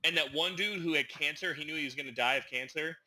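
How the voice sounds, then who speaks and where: A man co-hosting a casual podcast, animated and acting out quotes as he tells stories. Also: on the high side, fast talker, low-quality recording. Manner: animated, acts out quotes in his storytelling. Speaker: podcast co-host. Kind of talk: casual chat.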